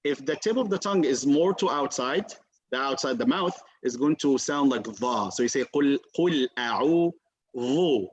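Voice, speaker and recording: A male teacher giving an online class, patiently repeating sounds slowly for his students to copy. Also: medium pitch, breathy edge. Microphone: video call. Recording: dull lo-fi video call audio.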